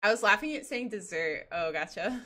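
A woman's voice: medium pitch, lively intonation, normal speed, bright, forceful tone. A woman streaming a game, chatting casually and bubbly with her chat, laughing often.

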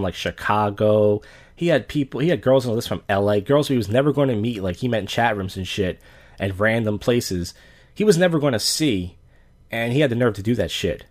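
A man hosting a podcast, telling stories in a blunt, profane casual rant and acting out dialogue. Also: mid-range voice. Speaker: podcast host.

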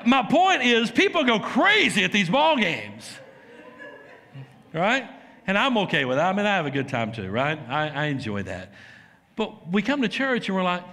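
A man preaching a sermon as pastor, telling stories with laughs and sudden shouts. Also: high voice, moderate pace. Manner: animated storytelling, laughs and shouts while acting out scenes. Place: church sanctuary. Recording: long hall reverb.

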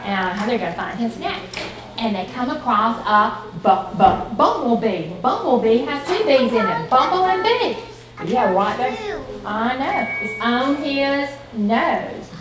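Woman, storytime reader, high and lively, echoey library with kids. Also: unhurried, over music. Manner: lively, coaxing, leads chants. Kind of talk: reading a picture book to children. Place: library room. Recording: echoey library room, mic far off, children around.

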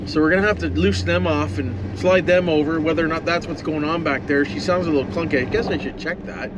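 Middle-aged guy, a bit high-voiced, rambling driving vlog, truck-cab road noise. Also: fast. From Ontario, Canada. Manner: folksy, rambling, talks to passing animals. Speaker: vlogger. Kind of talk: casual driving commentary. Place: inside a moving old pickup truck. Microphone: camera mounted in the truck cab. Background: engine and road noise.

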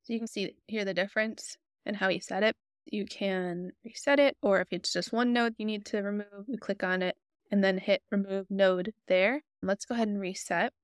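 A woman calmly walking viewers step by step through a software tutorial. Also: medium pitch, normal speed, clean tone, no room sound, clean studio sound. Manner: friendly, explanatory, step-by-step. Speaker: tutorial host. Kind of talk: screen-recorded software tutorial.

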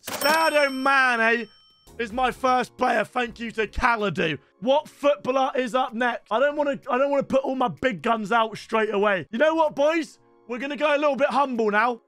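A young man hosting a gaming video, talking in a very high, bright register. He chats and banters excitably with his viewers, and faint music plays under his voice. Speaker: video game channel host. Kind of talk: casual gaming commentary.

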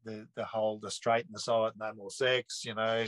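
A man, telling a personal story in a relaxed, rambling way full of earthy slang and restarts. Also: lowish voice, moderate pace, no echo, poor audio. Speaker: interview guest. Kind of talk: casual storytelling.

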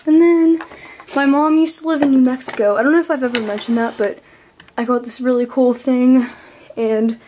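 A teenage girl in her bedroom, chatting to her camera in a rambling, excitable vlog while out of breath. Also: high voice, normal speed, a little hiss or hum. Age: teens. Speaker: vlogger. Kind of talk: casual vlog chat.

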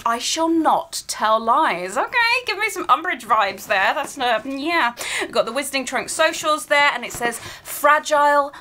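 A woman hosting a bubbly, playful unboxing video, chatting excitedly to her viewers. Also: sits high. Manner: bubbly, playful, gasps and exclaims.

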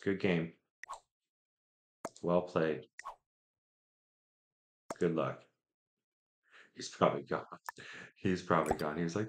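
A man streaming a strategy game, thinking out loud, muttering to himself and trash-talking opponents. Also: deep voice, takes it slowly, long pauses, slight background noise. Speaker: gaming streamer. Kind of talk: live gameplay commentary.

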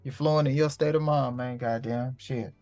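A man's voice: mid-range voice, steady tone, moderate pace, darkish tone, dry recording, faint music behind. A man hosting his own show in a casual, profane monologue full of street slang, preaching and repeating lines for emphasis. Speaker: host.

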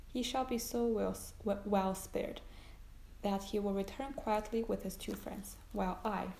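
Lady reading as a fatalistic count, dark mellow voice, slow and grave. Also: mid-range voice, fairly even intonation, gravelly, echoey room, slight background noise. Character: brooding aristocratic nobleman, grave and fatalistic.

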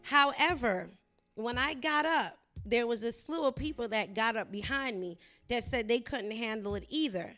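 A middle-aged woman hosts a Christian talk show, recounting a personal faith story with lively, animated storytelling. Her voice is bright and a touch high. Faint music plays underneath. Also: moderate pace. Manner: animated storytelling, rising loud when reenacting herself.

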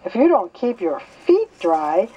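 Older woman reading a protective big brother raccoon, scolding, slow, dull lo-fi sound. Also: medium pitch, big pitch swings, warm tone. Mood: warning. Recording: slightly dull lo-fi recording.

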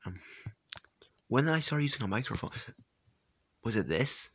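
A young man reacting to his own old videos in a hushed, half-whispered voice, incredulous and amused. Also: mid-range voice, big pitch swings, moderate pace, breathy edge. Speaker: YouTuber. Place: home at night.

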